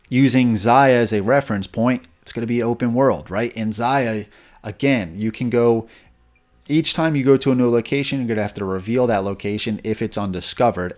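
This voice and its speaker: Guy with a lowish voice gushing about board games, casual and rambly. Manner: enthusiastic, rambling with fillers and restarts. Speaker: board game channel host. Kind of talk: casual video review and speculation.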